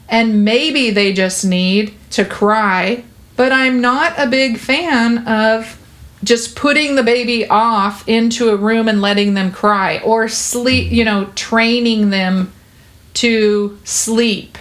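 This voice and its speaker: A woman's voice: on the high side, slow, fairly bright tone. A woman hosting a podcast, explaining child development in a chatty, earnest and reassuring way, filling her talk with "like" and "you know.". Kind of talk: casual podcast conversation.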